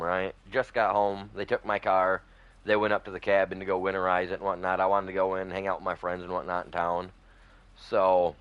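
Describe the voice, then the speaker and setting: Deep-voiced rambling gamer guy. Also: fairly bright tone, smooth, dry recording, muffled recording. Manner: rambling storyteller, many fillers and restarts. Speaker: gaming streamer. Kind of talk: casual gameplay chat.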